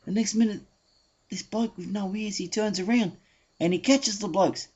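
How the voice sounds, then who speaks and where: Aussie guy rambling thru a joke, stop-start, husky, dull lo-fi sound. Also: high voice. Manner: animated, halting, full of restarts and changing voices. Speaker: joke teller. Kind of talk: casual joke telling. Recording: dull lo-fi home recording.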